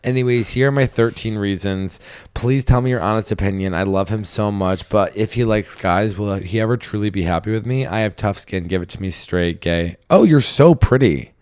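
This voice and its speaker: Young male comedy podcast host, low voice, dry close sound, crude teasing banter with excited jumps. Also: moderate pace, clear, resonant tone, dry recording. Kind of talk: casual comedic chat reading listener stories.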